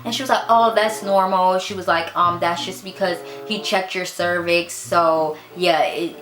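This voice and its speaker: A woman's voice: lowish voice, measured pace, roomy sound, faint music behind. Chatty young woman telling a story. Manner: animated, acts out the voices of others in quotes; chatty, full of "like" and "girl". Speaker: vlogger telling her birth story. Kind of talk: casual storytime chat.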